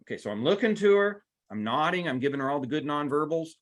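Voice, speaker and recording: Animated man lecturing a live seminar. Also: fairly high pitch, quick pace. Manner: animated, talks to the audience, playful asides. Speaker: workplace trainer.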